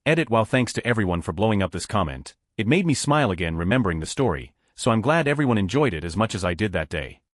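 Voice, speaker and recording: A man reading short online stories aloud as scripted narration, with a flat delivery that lifts at each story heading. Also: fairly low pitch, fast talker, few pauses, no room sound, studio quality.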